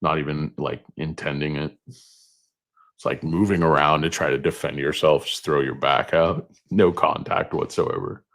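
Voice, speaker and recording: A man's voice: extremely low pitch, fairly even intonation, unhurried, fairly bright tone. A middle-aged man hosting stock-market commentary, rambling through jokey asides. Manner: meandering, jokey asides, many fillers.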